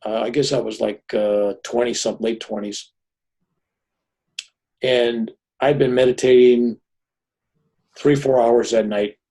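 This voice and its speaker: Older man, podcast guest, animated storyteller, warm low-key tone, slightly raspy. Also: a little slow, pauses often. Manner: animated storyteller, often adds "right?". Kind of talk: personal storytelling in conversation.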